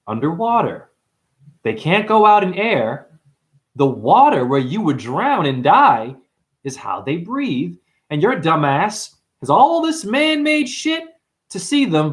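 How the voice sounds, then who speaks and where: A man hosting a livestream and ranting preachily at his viewers, swinging between hushed asides and loud outbursts. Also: on the high side. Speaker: livestream host and numerology teacher.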